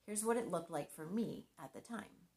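Middle-aged woman speaker, lowish voice, earnest devotional talk with a light touch of humor. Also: expressive, normal speed, creaky. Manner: earnest and conversational, with gentle humor. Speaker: Christian marriage speaker.

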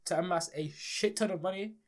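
A young man hosting a solo political podcast, ranting in a sarcastic, emphatic way. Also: brisk. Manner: ranting, sarcastic, emphatic with big swings in pitch and loudness. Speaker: podcast host.

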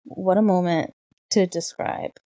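A woman co-hosting a casual book discussion, retelling scenes with animated enthusiasm. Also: fairly low pitch, unhurried, no room sound, low-quality recording. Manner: animated, gushing storyteller. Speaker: podcast co-host.

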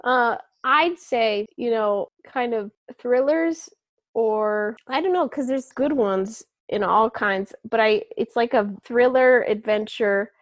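A woman's voice: on the high side, slow, dry recording. A young woman co-hosting a casual chat, talking chattily with lots of fillers and frequent laughs.

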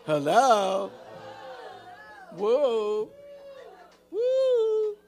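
A man with a high-pitched voice preaches a lively sermon, calling out to his congregation for responses. He repeats and restarts phrases as he builds a point. Soft music plays behind him. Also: extremely slow, some chatter behind. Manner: animated preaching with call-and-response. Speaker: pastor.

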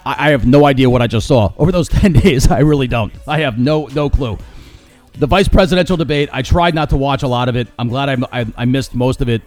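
A man's voice: mid-range voice, brisk, a little mellow, faint music behind. A man hosting a solo podcast, ranting with sarcasm and mockery about current events. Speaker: podcast host. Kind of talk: opinionated solo commentary.

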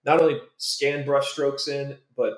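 A man's voice: medium pitch, fairly even intonation, a little slow. A man talking as a podcast guest, telling stories with enthusiasm and lots of restarts. His mid-range voice sits in a roomy, echoey space. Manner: enthusiastic storyteller, trailing restarts. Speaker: guest, motion designer. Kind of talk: casual podcast interview. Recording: roomy echo.

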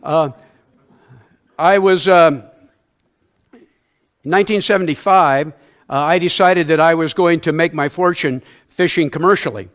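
A man's voice: fairly high pitch, unhurried, long pauses. An older man, a church elder, giving a sermon through a self-deprecating personal story, acting out sounds and quotes along the way. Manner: acts out sounds and quotes in his stories.

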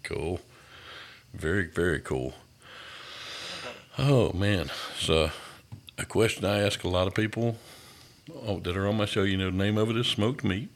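A man with a low voice hosts a casual podcast interview, easygoing and enthusiastic, often saying "man." He keeps a measured pace and pauses often.

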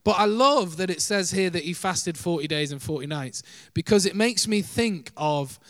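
Earnest preacher man, higher voice. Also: lively intonation, moderate pace, a bit bright, dry recording. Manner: earnest, varies pace and volume for emphasis, laughs lightly. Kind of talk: sermon.

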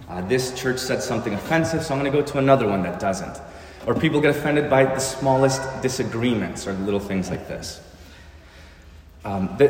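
A male pastor delivers an earnest sermon and leans on rhetorical questions. His voice rings through a roomy church with a long reverb tail, and a faint hum of ambience sits underneath. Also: mid-range voice.

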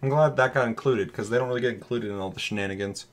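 A man's voice: mid-range voice, fast talker, a little hiss or hum. A man in casual chat on a gaming podcast, talking animatedly, swearing freely and acting out voices in his stories.

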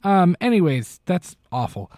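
A man's voice: high-pitched, sing-song, measured pace, a little mellow, no echo, clean studio sound. A man co-hosting a podcast, retelling a film in a casual, rambling way with lots of fillers and restarts. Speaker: podcast co-host. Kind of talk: casual chat recapping a film.

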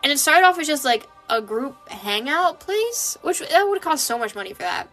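A young woman with a high voice talks in a casual chat, animated and quick to laugh, now and then putting on mock voices. Faint music plays behind her.

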